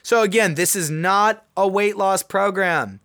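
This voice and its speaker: A young man hosting his own podcast, telling a personal story in an animated, excitable way. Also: high-pitched, unhurried, clear, resonant tone. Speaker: podcast host. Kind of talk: casual solo podcast monologue.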